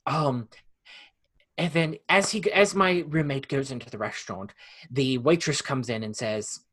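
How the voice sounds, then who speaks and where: Bright-voiced young man telling stories. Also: mid-range voice, a little slow, breathy edge. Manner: animated, laughs often, restarts phrases. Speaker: podcast co-host. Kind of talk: casual storytelling chat.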